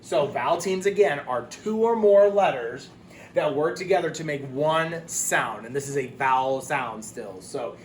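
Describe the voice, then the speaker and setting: A man's voice: fairly high pitch, animated, measured pace. A man teaching a phonics lesson, patiently drilling words and praising the class, with frequent ums. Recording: echoey room with loud background hiss.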